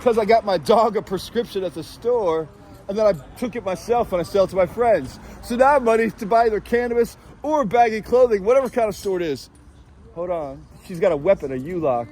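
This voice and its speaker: A man doing a satirical street report outdoors at night, rambling with crude deadpan jokes as he quizzes passers-by. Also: high voice, a little fast, a little hiss or hum. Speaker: street vlogger asking passers-by questions. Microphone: handheld camera.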